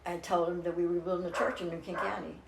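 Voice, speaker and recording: A woman's voice: on the low side, little pitch movement, quick pace, gravelly, background noise. An older woman speaking as an interview guest, telling a personal story in an earnest, rambling way with many restarts. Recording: roomy echo.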